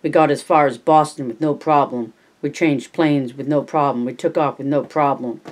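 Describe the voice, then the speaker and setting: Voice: mid-range voice, steady tone, normal speed, lightly acted. A reader voicing a tired young mother. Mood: weary.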